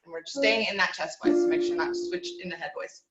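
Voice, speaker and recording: A woman's voice: on the low side, fast talker, roomy sound, dull audio, over music. A woman teaching a group voice lesson over a video call, coaching in an easy, encouraging way with plenty of fillers.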